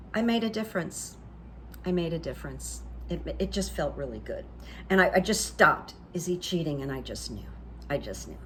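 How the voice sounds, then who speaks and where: A woman hosting her own channel, telling stories in a chatty, confiding way that trails off softly at the ends of phrases. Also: on the low side. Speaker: channel host. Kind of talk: casual storytelling monologue. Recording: faint background noise.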